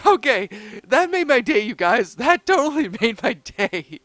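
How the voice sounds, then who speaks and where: A man voicing a loud young girl cartoon character, breathless from laughing. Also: very high voice, sing-song, a little slow, no echo, faint music behind, voice pushed up, exaggerated voice. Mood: hysterical.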